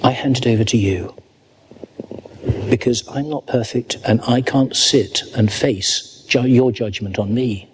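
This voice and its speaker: Earnest male preacher with faint noise. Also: mid-range voice. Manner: earnest, reads scripture slowly and deliberately. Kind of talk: sermon. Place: church service.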